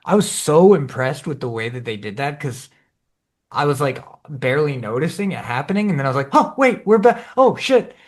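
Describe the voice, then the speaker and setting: A man co-hosting a podcast in casual chat, animated, jumping up in pitch when he acts out his own reactions. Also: a little fast. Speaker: podcast co-host.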